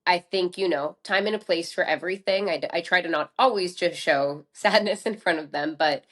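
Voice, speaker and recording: A woman's voice: fairly low pitch, fairly quick, a bit bright. A woman speaking openly and earnestly as a podcast guest, now and then fighting back tears. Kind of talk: candid conversational interview.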